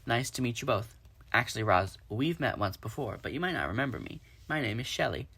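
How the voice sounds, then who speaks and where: A big, easygoing otter from a storybook chats in a friendly, slightly louder voice, as a man reads it. The tone is gravelly and husky. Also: medium pitch, expressive, a little fast, exaggerated voice. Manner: chatty, friendly, a bit louder.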